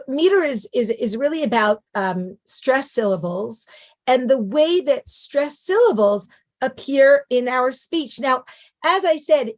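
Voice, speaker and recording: Higher-pitched woman lecturing conversationally. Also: darkish tone. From English-speaking country. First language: English. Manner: conversational, frequent rhetorical "right?" checks. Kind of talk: lecture on biblical poetry.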